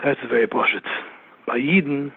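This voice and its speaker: A man's voice: medium pitch, normal speed, creaky, slightly rough, no room sound. A man giving a Torah sermon, repeating phrases and firing off rhetorical questions. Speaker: Torah teacher. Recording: narrow phone-like radio sound.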